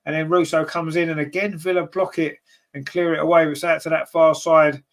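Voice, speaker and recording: Excitable male fan commentating a live football match. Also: fairly quick. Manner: partisan, rises sharply in pitch and volume at chances; grumbles at team choices and reads viewer comments aloud. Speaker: fan commentator and channel host.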